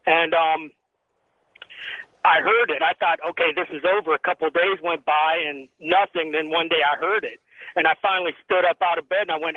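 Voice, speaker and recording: A man's voice: on the high side, fairly even intonation, fairly quick, dry recording. A male caller from Tennessee on a radio phone-in, earnestly telling a ghost story with frequent ums. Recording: tinny phone line.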